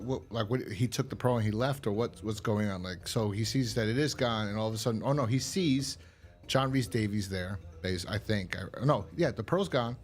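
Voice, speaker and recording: A man co-hosting a horror podcast, recapping an episode in a rambling, casual way, swearing now and then. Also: medium pitch. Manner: rambling, full of fillers and profanity. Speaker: podcast co-host.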